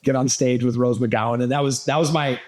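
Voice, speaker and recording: Male podcast guest from Milwaukee, mid-pitched, casual and profane, animated raconteur who voices the people in his stories. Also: fairly quick. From Milwaukee, USA. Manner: animated, acts out quoted people, swears freely. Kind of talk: casual storytelling.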